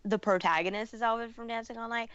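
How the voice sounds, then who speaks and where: A young woman co-hosting a casual podcast chat, telling stories eagerly and chiming in with quick agreement. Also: on the high side, fairly even intonation, a bit bright, smooth, lo-fi sound. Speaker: podcast co-host.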